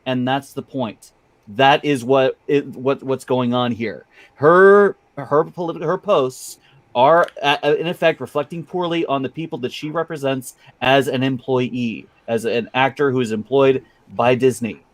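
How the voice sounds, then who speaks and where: A man co-hosting a casual podcast panel, explaining his point in a measured way. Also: mid-range voice, no echo. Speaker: podcast co-host.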